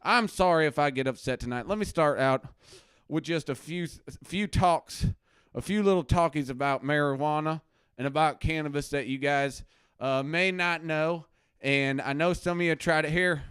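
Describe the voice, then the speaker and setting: A man playing a preachy, self-righteous male anti-drug crusader doctor on a comedy live stream from his basement, ranting between low mutters and loud outbursts. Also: moderate pace, smooth, dry recording, studio quality, natural voice. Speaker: host. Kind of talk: satirical live-stream rant. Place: home basement.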